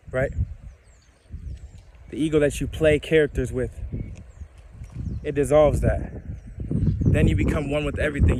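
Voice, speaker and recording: Man musing slowly over outdoor noise. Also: mid-range voice, darkish tone. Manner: slow, emphatic, repeats phrases, laughs at himself. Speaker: spiritual vlogger. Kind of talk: casual spiritual monologue.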